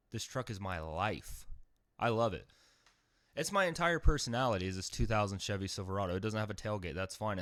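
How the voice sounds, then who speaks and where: A man hosting a podcast, telling a comedic monologue with a deadpan delivery that breaks into sudden loud outbursts. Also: sits low, no room sound. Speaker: podcast host.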